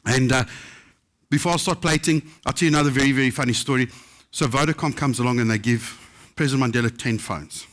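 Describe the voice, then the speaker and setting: A middle-aged man from South Africa, a chef telling lively, humorous stories to a live audience. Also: mid-range voice, fast talker. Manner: lively, humorous, mimics other people's voices in quotes. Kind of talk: live anecdotal storytelling to an audience.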